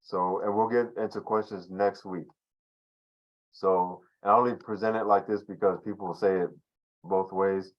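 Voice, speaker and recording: Deep-ish guy teaching a relaxed online class, lots of um and you know, kinda muffled call audio. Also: normal speed. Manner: loose and conversational, many fillers and restarts. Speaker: language teacher.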